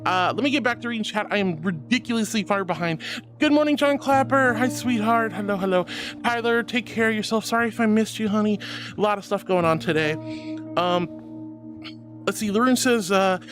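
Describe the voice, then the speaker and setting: A woman's voice: medium pitch, a little fast. A woman hosting a casual live stream, bubbly and affectionate as she greets viewers and reads chat aloud. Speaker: livestream host. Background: background music.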